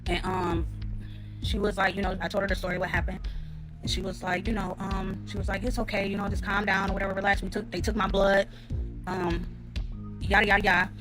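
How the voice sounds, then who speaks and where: A woman tells her own story in a loose, rambling way. She piles on fillers and asides and swears without a second thought, at a middle pitch. Faint music runs underneath. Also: flat delivery, a little fast. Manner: rambling with many fillers, acts out quotes loudly. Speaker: storyteller in a reaction clip. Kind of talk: casual storytime, profane and candid.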